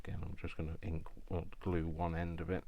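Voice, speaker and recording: Man, very deep voice, rambling craft vlog chat, faint background hiss. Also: level tone, fairly quick, mellow. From not from Yorkshire, lives there now. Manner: rambling, chatty, self-deprecating asides. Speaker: crafting vlogger. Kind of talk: casual chat while crafting.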